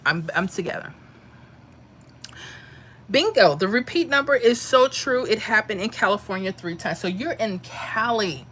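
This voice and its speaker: Calling her viewers mama and honey, a woman hosts a lottery livestream and reads their comments in casual chat. She speaks at a medium pitch, a little slowly, with lively intonation, a somewhat bright sound, and a breathy edge.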